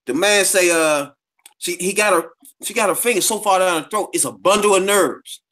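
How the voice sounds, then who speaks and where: A man's voice: sits high, moderate pace, bright, forceful tone. A man co-hosting a podcast in a casual chat, talking in a loose, slangy way with lots of repeated filler phrases. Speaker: podcast co-host.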